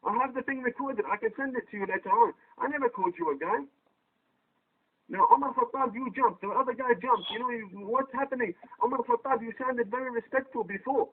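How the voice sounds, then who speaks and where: Very high-pitched man debating over a tinny line. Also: fairly quick. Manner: insistent, repeats his questions. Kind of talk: heated online debate. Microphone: poor quality microphone. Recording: tinny phone-like voice chat line.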